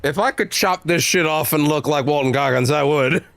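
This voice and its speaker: A man's voice: a little high, normal speed, creaky, a bit bright, no room sound. A man streaming a game, giving rambling, self-interrupting casual commentary and swearing freely. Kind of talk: casual let's-play commentary.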